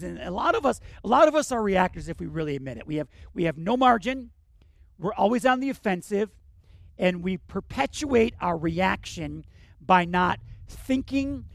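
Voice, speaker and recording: A man pastor preaching an earnest sermon, swinging between emphatic bursts and hushed reflection. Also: high-pitched, gravelly.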